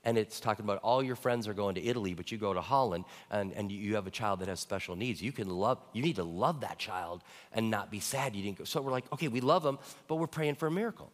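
A man's voice: on the low side, quick pace, hardly any pauses, in a large hall. A middle-aged male pastor preaching a sermon, telling stories in a conversational way and often checking in with the congregation. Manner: conversational storytelling with frequent check-ins to the congregation.

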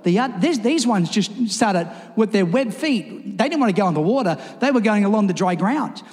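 A man preaching a sermon in a church, telling stories and acting them out with lively, rising delivery. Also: moderate pace. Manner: animated, acts out his stories with rising pitch. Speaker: pastor. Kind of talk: sermon with storytelling. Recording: reverberant church hall with music.

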